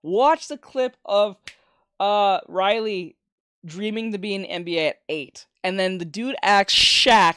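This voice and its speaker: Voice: medium pitch, takes it slowly, a bit bright, dry recording. An art streamer chatting casually while drawing, rambling and swearing with many restarts.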